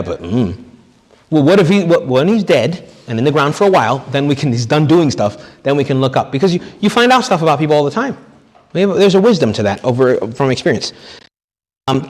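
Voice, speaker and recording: A man's voice: medium pitch, big-room sound. A man giving a retreat talk as a priest, in a conversational, joking way, acting out quoted people. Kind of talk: retreat sermon.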